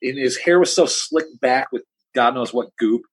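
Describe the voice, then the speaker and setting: A man who is a podcast guest, telling stories in a blunt, plain-spoken, animated way. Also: medium pitch, moderate pace, breathy edge, rough recording. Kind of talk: casual podcast storytelling.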